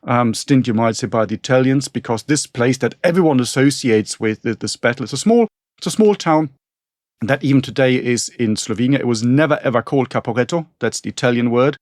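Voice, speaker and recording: Man, history podcast co-host, rambling asides, medium pitch, dry close sound. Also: a little fast, a little mellow, dry recording. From northern Germany. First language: German. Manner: rambling, many restarts and asides. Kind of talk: casual historical discussion.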